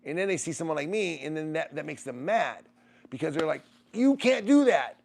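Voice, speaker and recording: Gravelly-voiced man chatting on a livestream. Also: a little high, a little fast. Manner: rambling, animated, swears freely and laughs often. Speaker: livestream host reading viewer comments. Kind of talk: casual livestream chat.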